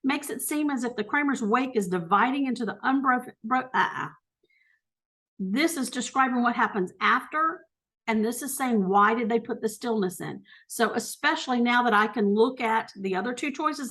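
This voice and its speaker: A woman's voice: fairly high pitch, lively intonation, moderate pace, fairly bright tone. A woman teacher thinking aloud as she works through test questions, correcting herself and talking through each step.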